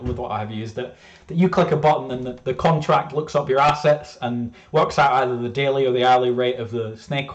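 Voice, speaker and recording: A man presenting his game in a casual, rambling way, often restarting sentences, joking at himself and getting excited. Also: medium pitch, muffled recording. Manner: rambling, self-interrupting, excitable, jokey. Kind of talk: casual screen-share presentation.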